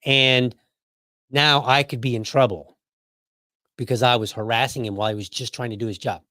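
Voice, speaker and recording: Podcast host, male, loose and exaggerating, mid pitch, close and dry. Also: steady tone, moderate pace, sharp tone, dry recording. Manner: conversational, hyperbolic, keeps asking "right?". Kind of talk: casual political commentary.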